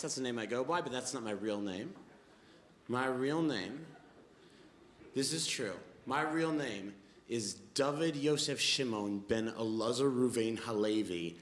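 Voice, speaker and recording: A man's voice: mid-range voice, a bit bright, a little hiss or hum. Wry young male stand-up in echoey club. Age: 20s. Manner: wry storytelling with acted-out quotes. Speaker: stand-up comedian. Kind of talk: stand-up set. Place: comedy club stage with live audience. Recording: echoey club with audience laughter.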